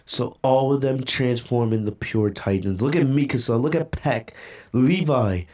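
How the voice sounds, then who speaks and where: A man hosts a casual reaction video from a home streaming setup, holding back tears as he walks through a manga chapter. His voice sits mellow and soft-edged, and he talks in a loose, rambling way, full of "you know" and "right?". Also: medium pitch, unhurried. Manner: emotional, recaps events loosely with fillers. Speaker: manga reaction channel host.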